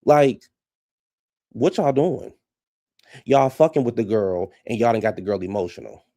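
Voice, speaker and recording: Guy ranting about a reality show, cussing a lot, mellow darker voice, dry close sound. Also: medium pitch, a little slow, no echo. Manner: profane, blunt and animated, laughs often. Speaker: reality TV reaction commentator. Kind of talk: casual reaction commentary.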